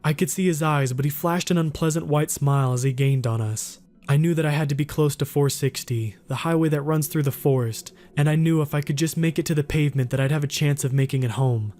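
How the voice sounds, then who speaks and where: Male narrator for scripted horror reads: mellow, measured, unhurried, pausing for effect. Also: fairly high pitch, soft background music.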